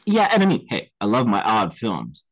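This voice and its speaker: A man co-hosting a podcast, talking casually about films in an animated way and often checking in with his listener. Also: lowish voice, normal speed, no echo, rough recording. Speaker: podcast co-host. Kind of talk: casual film discussion.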